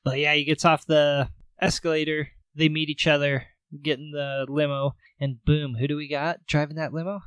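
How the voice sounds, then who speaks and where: A man's voice: fairly high pitch, level tone, moderate pace, hardly any pauses, fairly bright tone, smooth, no echo. A man co-hosting a podcast, retelling movie scenes in a loose, profane, chatty way. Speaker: podcast co-host. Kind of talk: casual movie recap chat.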